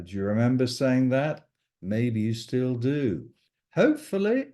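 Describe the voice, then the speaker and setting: A man teaching French in an unhurried, mellow voice. He drills each verb form patiently and repeats it, speaking slowly enough for learners to follow. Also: mid-range voice. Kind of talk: recorded language lesson.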